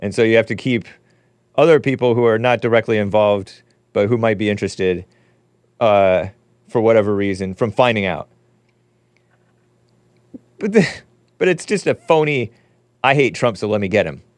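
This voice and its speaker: A man's voice: fairly low pitch, lively intonation, normal speed, long pauses, a little mellow, dry recording. A man hosting a call-in show, talking in a casual, rambling way with mocking, opinionated commentary. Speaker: podcast host.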